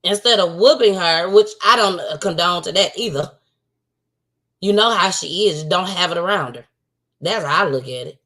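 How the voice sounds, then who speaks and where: A woman's voice: on the low side, moderate pace, bright, forceful tone. A woman hosting a casual livestream talk show. She talks outspokenly and repeats points for emphasis.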